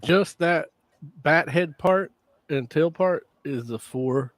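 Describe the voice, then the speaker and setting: A man co-hosting a casual podcast, talking in halting starts and swearing casually. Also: on the high side, no echo. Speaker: podcast co-host. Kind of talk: casual chat.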